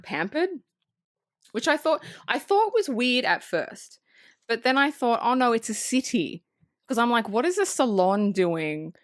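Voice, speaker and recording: A woman co-hosting a movie podcast, recapping the film in casual, profane, animated chat and acting out bits of the characters. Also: medium pitch, no echo, studio quality. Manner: animated, swears freely, acts out characters. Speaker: podcast co-host.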